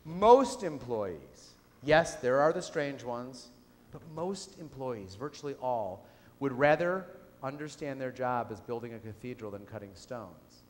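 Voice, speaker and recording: A man's voice: mid-range voice, animated, measured pace. A man giving a business keynote speech to a live audience, telling a story and asking the room questions. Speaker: keynote speaker. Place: lecture hall with audience. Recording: reverberant hall.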